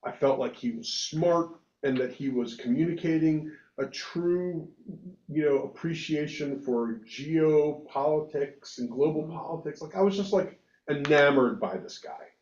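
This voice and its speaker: A rabbi leads a casual group discussion, his voice a little high and quick to rise in emphatic bursts. He restarts his sentences often as he works through a thought. The recording is dull and lo-fi, with a roomy echo around him. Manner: animated, emphatic, many restarts. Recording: echoey room, dull lo-fi sound.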